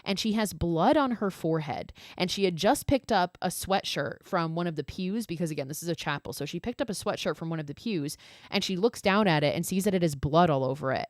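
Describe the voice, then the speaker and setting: Low-voiced woman, casual horror recap. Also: fairly quick, dry recording, studio quality. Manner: chatty and animated, lots of "like" and swearing. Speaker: podcast host.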